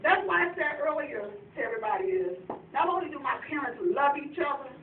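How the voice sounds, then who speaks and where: With a high, sing-song voice moving a little fast, a middle-aged daughter addresses her parents at their anniversary gathering, telling touching family stories with emotion. The sound is narrow and tinny with a bit of hiss or hum, a far-off phone recording that echoes around the room.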